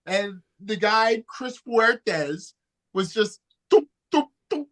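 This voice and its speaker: A man with a high voice co-hosts a casual podcast. He tells stories in an animated, swearing way, full of loose banter. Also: slow. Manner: profane, animated storyteller. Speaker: wrestling podcast co-host.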